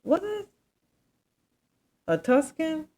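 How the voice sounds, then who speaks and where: A woman's voice: sits high, wildly swooping pitch, extremely slow, a little mellow, rough recording. A young adult woman hosting a casual commentary chat. She rambles with many asides and keeps asking her listeners questions. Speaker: commentary host.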